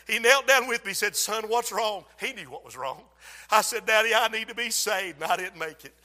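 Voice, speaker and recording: A male preacher, who swings between soft asides and shouted emphasis in his sermon. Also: high-pitched, expressive, normal speed. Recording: long hall reverb.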